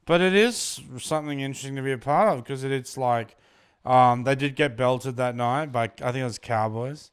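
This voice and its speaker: A man in a casual chat, enthusiastic and quick to laugh. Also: medium pitch, smooth. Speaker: podcast co-host.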